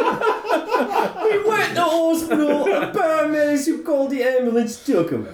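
A man voicing a rowdy male cockney hooligan reading out a news story, in a loud, laughing, overdone put-on accent. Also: extremely high pitch, lively intonation, slow, echoey room, over a noisy crowd, voice pushed up, heavily acted.

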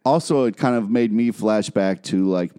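A man's voice: lowish voice, moderate pace, warm tone, smooth. A man co-hosting a casual podcast chat in a laid-back, wry way, often with short agreeing replies. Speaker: podcast co-host.

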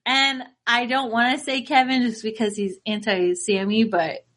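A woman's voice: a little high, moderate pace. A woman co-hosting a wrestling podcast, chatting casually and telling stories with lots of laughter. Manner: excitable, laughs often while telling stories. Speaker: podcast co-host. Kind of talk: casual chat.

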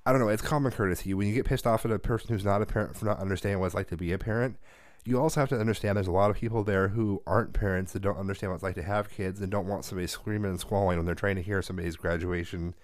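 A man with a fairly low voice rants and swears his way through a casual podcast chat. The recording is dry and close, with no room sound at all. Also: steady tone, very fast, dry recording. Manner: profane, ranting. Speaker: podcast co-host.

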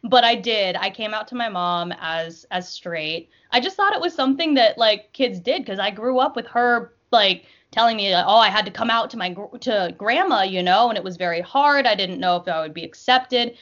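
A woman's voice: on the high side, expressive, fairly quick, few pauses, fairly bright tone, dull audio. A young woman chatting casually as a podcast guest, telling stories with lots of fillers and playful quoted voices. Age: young adult. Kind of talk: casual chat.

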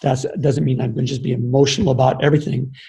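An older man speaks in a gravelly, mellow voice, explaining ideas earnestly. He pauses often with ums and starts phrases over, sounding thoughtful and sincere rather than polished. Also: mid-range voice, level tone, rough recording. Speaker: speaker on embodied leadership. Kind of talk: reflective talk.

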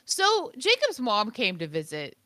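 A tired woman co-hosting a podcast, telling stories in an animated, playful way. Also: fairly high pitch, measured pace, dry recording. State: tired from lack of sleep. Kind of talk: casual chat.

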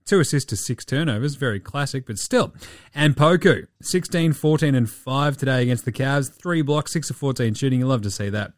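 A man with an Australian accent hosting a sports podcast, talking casually, profane and animated, often laughing. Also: mid-range voice, a little fast, no room sound, clean studio sound. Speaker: podcast host. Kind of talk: sweary casual sports talk.

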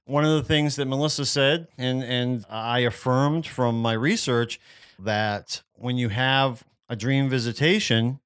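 A man's voice: mid-range voice, measured pace, fairly bright tone, clear, resonant tone. A man co-hosting a podcast, chatting in an upbeat, enthusiastic way. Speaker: podcast co-host. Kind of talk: casual chat.

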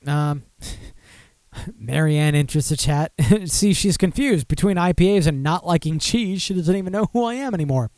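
Male podcast host, a bit high-pitched, dry close-mic sound, animated and ranty. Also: moderate pace, dry recording. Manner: animated, mock-outraged outbursts and rambling self-talk. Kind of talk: casual live show chat.

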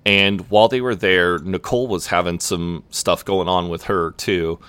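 Young man, very low voice, loose storyteller, swears freely, dry close mic. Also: steady tone, moderate pace, a bit bright, clear, resonant tone, dry recording. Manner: laid-back, swears often, lots of "like" fillers. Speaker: podcast co-host. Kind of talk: casual chat, storytelling.

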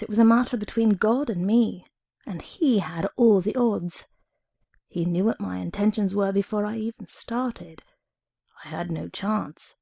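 Woman reading a story aloud, gravelly, husky, warm low tone. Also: no room sound, clean studio sound. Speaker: reader.

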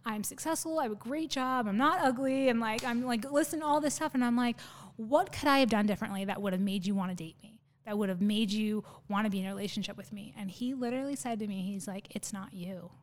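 A woman's voice: medium pitch, quick pace, darkish tone. A woman in her thirties, a podcast guest, telling a personal story in a nervous, rambling way with many fillers and restarts. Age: 30s.

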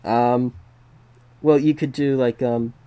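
A man's voice: medium pitch, steady tone, takes it slowly, dark tone, smooth. A man hosting a casual interview over a call, joking and self-mocking, recorded on a handheld recorder mic. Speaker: podcast host. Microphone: handheld recorder mic, remote call.

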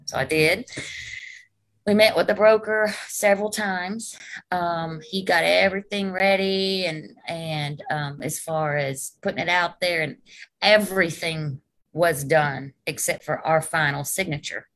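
Woman, guest, chatty storyteller, slightly low voice. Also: a little slow, a bit bright, rough recording. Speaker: guest, restaurant owner. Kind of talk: casual interview storytelling.

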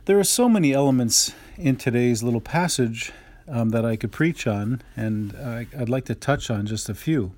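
Priest reading gospel, dry close sound. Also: male voice, medium pitch, animated, darkish tone, dry recording. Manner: plain, measured reading with fillers and restarts. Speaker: Catholic priest.

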